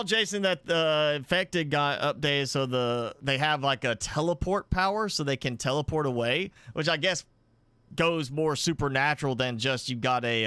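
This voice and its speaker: A man streaming a game live, thinking aloud as he builds, with halting, self-correcting talk. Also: medium pitch, sharp tone, clear, resonant tone, no room sound. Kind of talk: live gameplay commentary.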